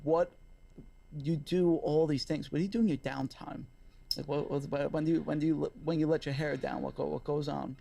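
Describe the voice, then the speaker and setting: A man hosting a podcast, agreeable and quick with short affirmations. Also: fairly high pitch, steady tone, creaky, mellow. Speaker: podcast host. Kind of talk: casual interview chat.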